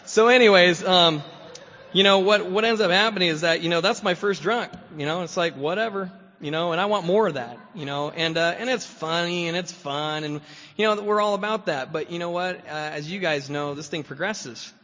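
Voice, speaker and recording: A man telling his story as guest speaker at a recovery meeting, loose and rambling, dotting every sentence with fillers and little chuckles. His voice is bright and forward. The sound is a dull, lo-fi recording with long reverb from a meeting hall. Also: high voice, normal speed. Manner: rambling, full of "you know" fillers, chuckles often. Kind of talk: personal recovery testimony.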